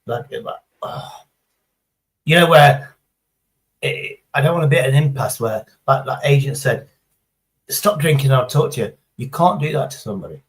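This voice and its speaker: A man's voice: mid-range voice, moderate pace, poor audio. A middle-aged man, chatting casually on a livestream in a rambling, sweary, sarcastic way. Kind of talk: casual chat.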